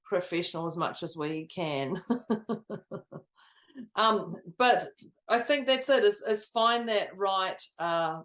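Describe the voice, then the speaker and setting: A woman's voice: medium pitch, animated, takes it slowly, pauses often, a bit bright, reverberant. A woman co-hosting a podcast as a coach, talking in a chatty way and laughing often. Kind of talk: casual chat.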